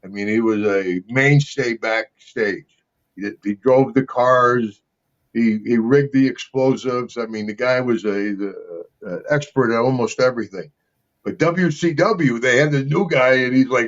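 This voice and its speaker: A man's voice: mid-range voice, expressive, unhurried. An older man, an interview guest, telling casual rambling stories and laughing often between them. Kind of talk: casual storytelling. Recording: slightly dull lo-fi sound.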